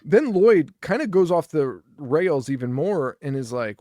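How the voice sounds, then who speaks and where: A man's voice: a little high, animated, measured pace, few pauses, dark tone, dry recording, studio quality. A young man co-hosting a horror movie podcast in casual chat, recapping scenes with profanity and acting out the characters' lines. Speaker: podcast co-host.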